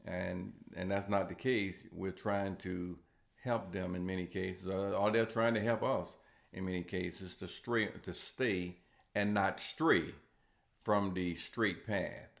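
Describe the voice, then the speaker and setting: A man teaching a church Bible lesson, often repeating and restarting words and growing louder when he reads scripture. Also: deep voice, fairly even intonation, takes it slowly, vocal fry. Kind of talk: Sunday school Bible lesson.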